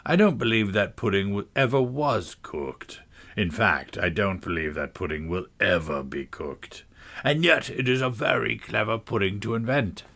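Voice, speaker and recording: A man's voice: mid-range voice, moderate pace, gravelly, hardly any pauses, sharp tone. A man reading a storybook, voicing a clumsy, earnest old knight who rambles on solemnly about his inventions. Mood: earnest, rambling.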